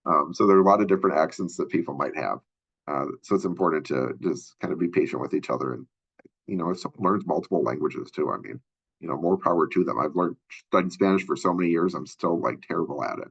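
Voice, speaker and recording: A man's voice: sits low, fast talker, gravelly, breathy edge, lo-fi sound. A male college instructor giving a conversational recorded lecture, full of fillers and asides.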